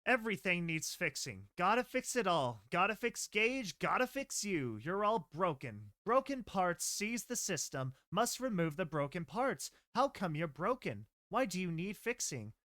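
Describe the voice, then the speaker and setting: A man doing an unhinged pegasus mare from a storybook reading, high and giggly, with a singsong, fixated way of talking. Everything she says loops back on itself. The recording is dry and close. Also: big pitch swings, measured pace, hardly any pauses, bright, forceful tone, no echo, full character voice.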